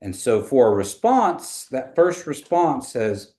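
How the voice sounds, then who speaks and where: A man from Oklahoma teaching a small language class, patiently explaining pronunciation and repeating phrases slowly. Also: medium pitch, big pitch swings, mellow, poor audio. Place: meeting room with a small class.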